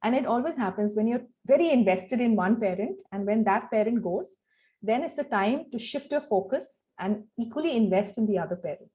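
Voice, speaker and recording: An Indian English woman in her forties, voice pitched a little high, talking in a heartfelt, animated way. She tells family stories over a casual chat, with lots of "you know" and "like.". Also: a little fast, rough recording. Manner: emotional, animated, warm storytelling with many fillers. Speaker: host.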